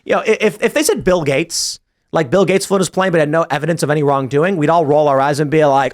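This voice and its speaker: A man's voice: a little high, quick pace. Sarcastic man host reading the news. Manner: sarcastic, incredulous commentary. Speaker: show host. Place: podcast studio.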